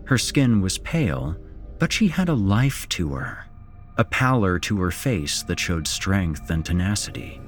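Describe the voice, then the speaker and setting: A man narrating a horror story in a measured, dramatic storytelling manner, as host of a podcast. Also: sits low.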